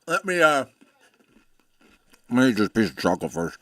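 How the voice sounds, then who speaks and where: A man hosts a casual livestream, his bright, forward voice swooping up and down as he jokes and greets viewers by name. He sits a touch high for a man, and the sound is dry and close. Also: sing-song, normal speed, no echo. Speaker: livestream host.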